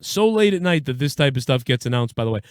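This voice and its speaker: A man's voice: medium pitch, big pitch swings, quick pace, smooth, no room sound, clean studio sound. A man hosting a casual live call-in show, rambling and profane, laughing easily. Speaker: live show host taking calls.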